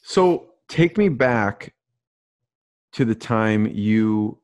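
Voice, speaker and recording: A male host with a fairly low voice talks slowly and evenly. He asks short guiding questions and adds brief reactions to keep the guest talking. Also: animated, darkish tone. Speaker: podcast host, interviewer. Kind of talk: interview questions.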